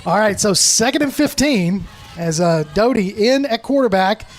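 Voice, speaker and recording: A man calling high school football play-by-play, brisk and steady, building up on big plays. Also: soft background music. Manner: brisk play calling, rises to shouting on scores. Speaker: play-by-play announcer.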